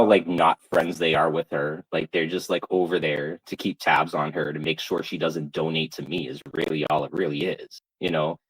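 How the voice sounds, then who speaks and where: A man's voice: low-pitched, breathy edge, poor audio. A man streamer on a live-stream rant, angry, profane and taunting.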